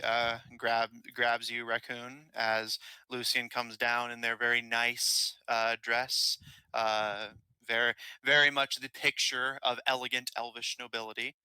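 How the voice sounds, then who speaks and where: A man's voice: mid-range voice, little pitch movement, a little slow, sharp tone, smooth, no echo, rough recording. A man running an online tabletop game as game master, chatty and laughing between lines, full of uhs.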